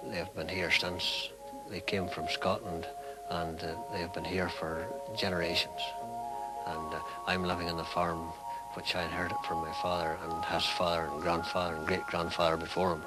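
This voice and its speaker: A man with an Ulster accent, a farmer speaking slowly with many hesitations in an interview. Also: low voice, level tone, low-quality recording. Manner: slow, with many uhs. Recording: documentary with loud music beneath.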